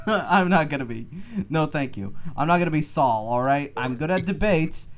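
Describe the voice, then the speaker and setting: A man co-hosting a casual podcast, swearing freely and laughing through his own ideas. His voice sits a little high for a man, and he swings into loud, excited outbursts. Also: normal speed. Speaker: podcast co-host. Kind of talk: casual chat.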